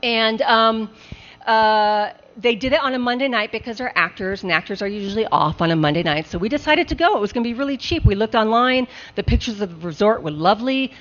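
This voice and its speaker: A woman telling a comic story on a live show, animated and laughing often. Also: a little high, fairly quick. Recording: dull lo-fi live recording with faint hiss.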